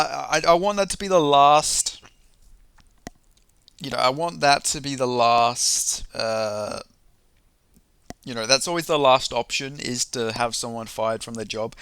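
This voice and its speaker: A young man venting in a casual fight-commentary vlog, rambling and cursing as he gets worked up. His voice is bright and crisp, heard close in a dry room with no echo. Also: mid-range voice. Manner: profane, rambling and heated. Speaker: MMA commentator.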